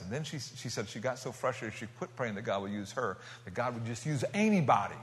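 A man preaching a sermon, telling stories with animation and swinging from loud bursts to hushed tones. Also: mid-range voice, lively intonation, brisk, hardly any pauses, a little hiss or hum. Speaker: pastor. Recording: long reverb of a church hall.

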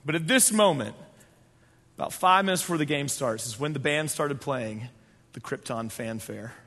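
Bright, animated young man in a hall. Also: mid-range voice, moderate pace, a little hiss or hum. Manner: animated, talks with the crowd, shouts at times. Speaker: speaker telling a story to an audience. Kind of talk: lively storytelling talk. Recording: echoey large hall.

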